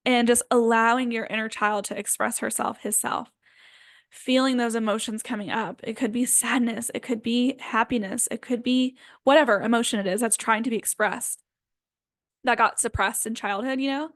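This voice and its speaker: Gentle rambling woman healer, slightly high. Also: steady tone, normal speed, dry recording, clean studio sound. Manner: gentle, rambling, many fillers. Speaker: energy healer. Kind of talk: casual spiritual guidance talk.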